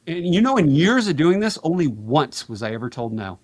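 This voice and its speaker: Lively fast-talking man guest. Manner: animated, fast-talking, swings pitch widely. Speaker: podcast guest, payments educator. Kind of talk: energetic conversational interview.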